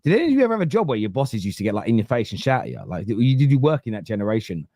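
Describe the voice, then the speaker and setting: A man in his thirties from East London, with a London accent, telling animated stories and swearing freely on a casual football podcast. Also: mid-range voice, racing, no echo, studio quality. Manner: animated storyteller, swears freely, acts out quotes. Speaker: podcast host.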